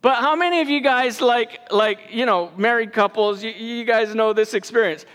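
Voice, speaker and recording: A man's voice: extremely high pitch, moderate pace, a bit bright. A man preaching a casual sermon as a pastor, conversational and repeating his words as he leads the church. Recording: reverberant hall.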